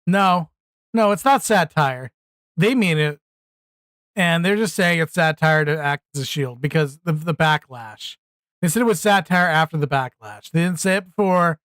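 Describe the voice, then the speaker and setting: A man's voice: on the high side, normal speed, a bit bright, dry recording. A man hosting a live reaction stream, talking bluntly and exclaiming, often repeating himself when worked up. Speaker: streamer host.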